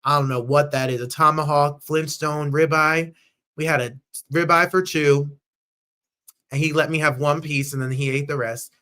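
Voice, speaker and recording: Speaking at normal speed in a smooth voice, a thirtysomething New Jersey man hosts a lively live-stream chat show. He gushes bubbly enthusiasm and sometimes leaps into falsetto squeals and snippets of song.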